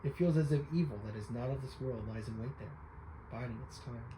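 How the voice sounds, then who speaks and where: A man's voice: mid-range voice, fairly quick, roomy sound, background noise, natural voice. A man voicing an eccentric old male pictograph enthusiast, reading game dialogue aloud in old-fashioned formal speech and calling the listener young sir. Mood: solemn.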